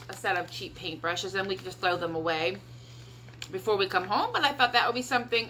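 A woman's voice: on the high side, bright, forceful tone, slight background noise. A middle-aged woman with a Midwestern American accent chatting casually in a haul vlog, upbeat and rambling, talking around a cough drop. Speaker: vlogger.

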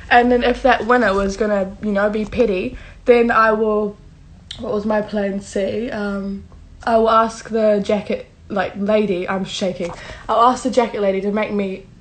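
A young woman vlogging in a gushing, breathless and emotional casual way. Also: mid-range voice. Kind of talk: excited casual vlog.

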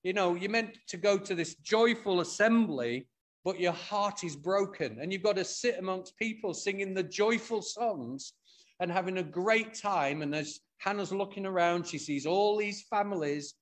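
A man with an English accent preaching a sermon as pastor, retelling a Bible story expressively and with humour. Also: high-pitched. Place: church.

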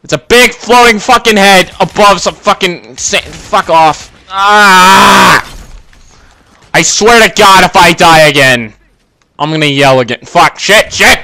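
Young man, gaming commentary, quick temper, constant swearing, high voice, bright tone. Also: creaky. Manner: short-tempered, cursing, yelling at the game. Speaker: gameplay commentator. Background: gunfire from the game.

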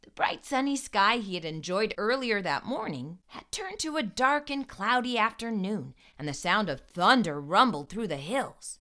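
A woman hosting a children's storytime, reading a picture book aloud in an expressive, animated way. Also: mid-range voice, normal speed, hardly any pauses. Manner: warm expressive read-aloud. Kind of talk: read-aloud storytelling for kids.

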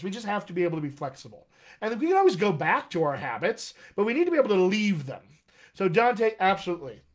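Dialect coach guy on a live stream, fairly high voice, super encouraging, hypes up his viewers. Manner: enthusiastic, encouraging, addresses viewers by name. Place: home room, live video stream.

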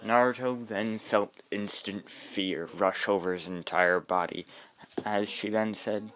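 A man casually narrating a homemade fan story, rambling off on tangents with halting restarts. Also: low voice, steady tone, fairly bright tone, a little hiss or hum.

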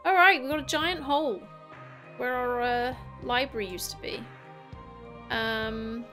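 Speaking a little slowly in a fairly high, sharp-toned voice, a gaming YouTuber offers casual commentary on the game she's playing. She's chatty, thinks out loud, and swears for fun against game music.

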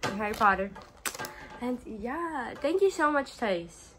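A young woman rambles happily about her gifts, full of fillers and restarts. Her voice sits a little high. The home recording carries clear background noise. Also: expressive, a little slow. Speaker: friend opening gifts. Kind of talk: casual vlog chat.

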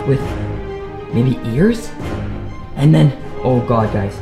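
Excitable young YouTuber man, hushed then frantic. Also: on the high side, unhurried, long pauses, over music. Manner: excitable, keeps calling viewers "guys"; swings between hushed and frantic. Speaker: YouTuber host. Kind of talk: staged horror challenge vlog.

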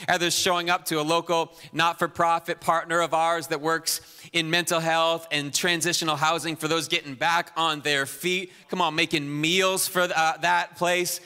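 A man's voice: fairly high pitch, clean tone. A man preaching as pastor, making church announcements with energy and calling out to the congregation. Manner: energetic, exhorting the crowd. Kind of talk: sermon announcements. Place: church auditorium. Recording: long reverb in a large hall.

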